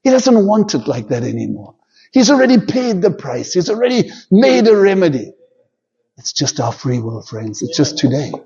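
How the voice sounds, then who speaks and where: A man preaching a sermon and leading prayer, fervent, rising into loud pleading peaks and dropping to hushed, quiet prayer. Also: high voice, big pitch swings, normal speed, vocal fry, husky, lo-fi sound. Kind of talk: sermon with altar call and prayer.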